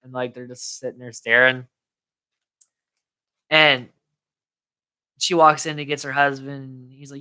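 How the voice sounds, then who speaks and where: A woman's voice: very deep voice, unhurried, long pauses, clear, resonant tone. A woman co-hosting a casual film podcast, retelling scenes with lots of acted-out quotes. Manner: animated retelling, acts out quotes in voices. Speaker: podcast co-host. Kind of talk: casual chat recapping a film.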